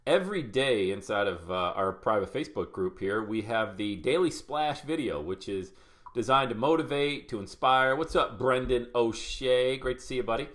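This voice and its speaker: A man's voice: mid-range voice, animated, moderate pace, fairly bright tone. A middle-aged man teaching podcasting on a live stream, upbeat and chatty, greeting viewers by name. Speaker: podcast coach.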